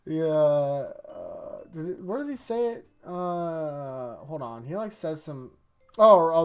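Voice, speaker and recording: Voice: medium pitch, expressive, unhurried, a little mellow, clean tone. Rambling, chatty manga reviewer. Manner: rambling, chatty, often laughing. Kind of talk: casual manga chapter review.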